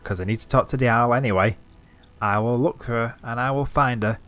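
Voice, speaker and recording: Give me a man narrating his own game playthrough in a loose, joking way, often answering the characters on screen. His voice sits in a middle pitch, and faint game music plays underneath. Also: brisk, fairly bright tone. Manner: jokey, talks back to the characters. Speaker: let's-play gamer. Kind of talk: casual game commentary.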